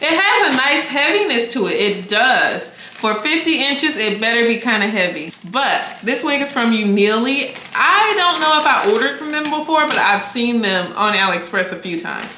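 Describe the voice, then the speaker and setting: A young woman, chatting excitedly in a casual unboxing vlog and often breaking into laughter. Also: on the high side, normal speed, few pauses. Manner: excitable, laughing, squealing bursts. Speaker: beauty vlogger. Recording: echoey room with faint noise.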